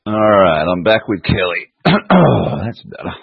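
Gravelly English host on dull lo-fi audio. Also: male voice, on the low side, sing-song, measured pace, no room sound. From England. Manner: chatty, easygoing, hesitant restarts. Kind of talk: casual online chat show.

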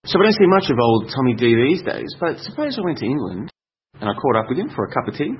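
A man's voice: medium pitch, sing-song, fast talker. A young Australian man hosting a casual solo show, rambling and chatty, thinking aloud with plenty of fillers. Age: young adult. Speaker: podcast host. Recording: dull lo-fi sound with faint noise.

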